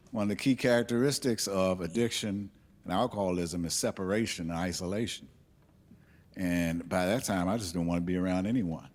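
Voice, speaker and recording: A man shares a personal story before a live audience. His voice sits on the low side, and he speaks candidly and reflectively, pausing and restarting as he works through his memories.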